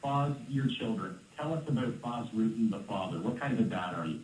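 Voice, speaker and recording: A man hosting a radio interview, asking measured, polite questions. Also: on the low side, animated, a little mellow, a little hiss or hum. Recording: roomy with faint ambience.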